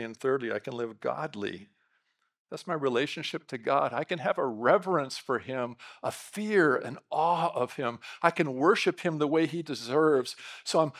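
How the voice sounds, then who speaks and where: A middle-aged male pastor preaching a lively sermon, bantering with the congregation and asking them questions. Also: fairly high pitch. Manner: lively, talks with the congregation, quick asides.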